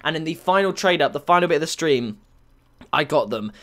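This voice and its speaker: Young male gamer host, excitable, loud outbursts, laughs a lot. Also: fairly high pitch, fairly quick. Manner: excitable, bursts into shouts and laughs. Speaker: gaming YouTuber. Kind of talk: excited game-opening commentary.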